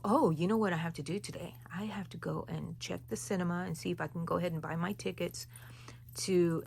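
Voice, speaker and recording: Gravelly-voiced lady doing a crochet how-to, rambly and chatty, talks right to the viewer. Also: on the low side, slight background noise. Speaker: crochet tutorial host. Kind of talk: casual step-by-step tutorial chat.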